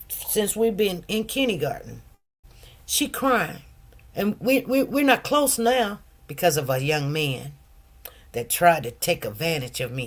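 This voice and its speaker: Middle-aged woman host, slow rambling personal stories. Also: on the low side. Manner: rambling, repeats herself, many asides. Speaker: commentary channel host. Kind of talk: casual storytelling monologue.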